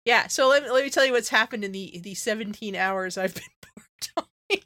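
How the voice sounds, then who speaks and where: A veterinarian in her thirties co-hosts a podcast, telling stories in casual chat and acting out her own quotes with lots of "like" and "you know". She speaks at medium pitch and a moderate pace, with no room sound.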